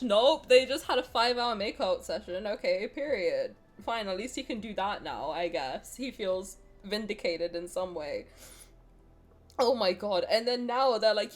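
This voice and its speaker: A woman's voice: medium pitch, lively intonation, normal speed. A woman streamer reacting on a livestream, laughing hard and swearing casually, crying with laughter.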